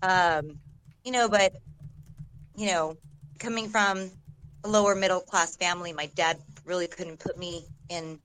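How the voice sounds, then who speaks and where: This actress guest tells stories in a relaxed, rambling manner during an interview, frequently restarting sentences and breaking into laughter. Her lowish, slightly bright voice holds a steady tone at a measured pace with frequent pauses. A little hiss or hum runs through the low-quality recording.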